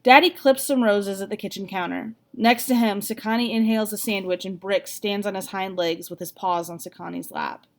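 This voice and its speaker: A woman reading a novel aloud, with an expressive, even delivery. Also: mid-range voice, moderate pace, few pauses. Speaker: reader.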